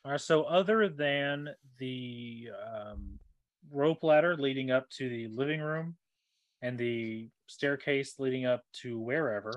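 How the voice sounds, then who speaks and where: A man running a tabletop game as game master, narrating in a relaxed, unhurried way with loose fillers. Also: medium pitch, no echo, muffled recording.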